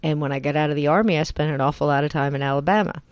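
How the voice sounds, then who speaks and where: A woman podcast host from New Jersey, with a Jersey accent tinged with Southern, chatting warmly and laughing often in a remote interview. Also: low voice, very fast, no echo. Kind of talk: casual interview chat. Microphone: remote call.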